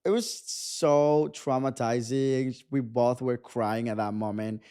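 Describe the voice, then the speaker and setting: Young man, animated storyteller. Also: mid-range voice, slow, smooth. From Mexico. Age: 20s. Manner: animated storytelling, acting out dialogue. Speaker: guest photographer. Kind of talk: casual interview.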